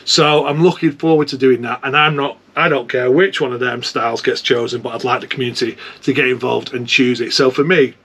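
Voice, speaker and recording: A man's voice: mid-range voice, steady tone, fairly quick, few pauses, a bit bright, breathy edge. A man with a British accent chatting informally and at length as a homebrew vlogger. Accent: British English. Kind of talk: casual chat.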